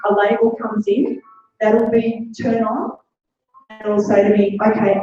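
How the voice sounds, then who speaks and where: A woman's voice: mid-range voice, a little mellow, very echoey, recorded from a distance, highs cut off. A middle-aged woman giving an earnest motivational talk, repeating phrases for emphasis. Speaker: guest speaker.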